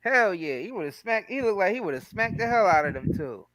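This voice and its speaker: A man hosting a casual talk show, talking in an animated, emphatic, slangy way. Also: high voice, normal speed, rough recording. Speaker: host. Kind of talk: casual chat.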